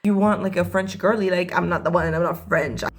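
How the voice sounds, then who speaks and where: A young woman telling a story in a casual vlog, animated and jokey with dramatic asides. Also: on the low side, fast.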